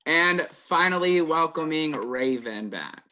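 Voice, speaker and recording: Male host, online game night: sharp bright tone, slightly higher pitch, casual, laughs easily. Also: expressive, takes it slowly, a little hiss or hum, low-quality recording. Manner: loose, chatty, laughs between announcements. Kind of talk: hosting over group voice chat.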